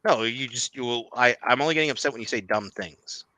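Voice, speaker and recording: A man's voice: mid-range voice, quick pace, sharp tone, no echo. A man in a heated casual debate, insistent and mocking, repeating his points. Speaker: podcast co-host.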